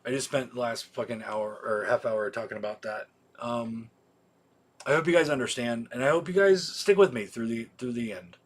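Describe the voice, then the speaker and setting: A man's voice: mid-range voice, moderate pace. A man hosting a casual livestream for his video store, rambling and swearing freely, with many ums and restarts.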